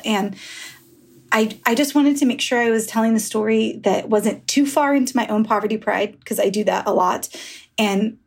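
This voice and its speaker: A woman is being interviewed on a podcast, and she talks in a frank, rambling way, swearing and laughing easily. Her voice has a gravelly fry and a slightly husky edge. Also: a little high, normal speed. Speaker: author guest. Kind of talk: candid interview conversation.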